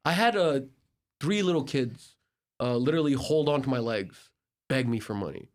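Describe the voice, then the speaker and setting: An American man, a podcast guest, telling travel stories in a casual, animated way, laughing and acting out the people he quotes. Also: medium pitch, moderate pace. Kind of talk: casual storytelling.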